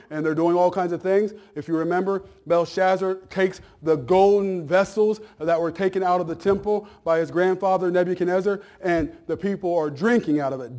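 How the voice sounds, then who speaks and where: A man's voice: sits high, darkish tone. A man preaching a sermon as pastor in a church, talking in a folksy, conversational way, repeating words and checking in with his listeners. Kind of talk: sermon and Bible class announcements.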